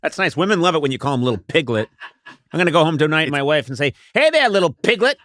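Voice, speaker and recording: A man's voice: a little high, very fast, a bit bright, dry recording, studio quality. A man in his sixties hosting, joking sarcastically and teasing through comedic banter. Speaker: host.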